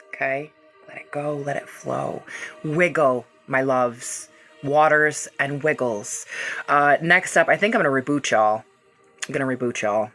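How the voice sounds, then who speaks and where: A woman's voice: a bass voice, measured pace, fairly bright tone, soft background music. A woman hosting a casual energy-healing livestream, effusive and affectionate with her viewers, and swearing freely as she talks. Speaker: reiki practitioner hosting a livestream.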